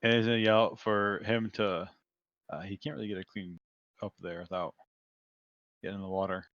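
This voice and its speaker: Dude playing a tabletop game, jokey teasing banter, dry close sound. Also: male voice, lowish voice, steady tone, moderate pace, a bit bright, no echo, dull audio, soft background music. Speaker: player.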